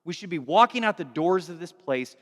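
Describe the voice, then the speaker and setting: A man preaching a sermon, animated and acting out dialogue, moving from hushed lines to shouts. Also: on the high side, brisk, big-room sound. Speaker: pastor.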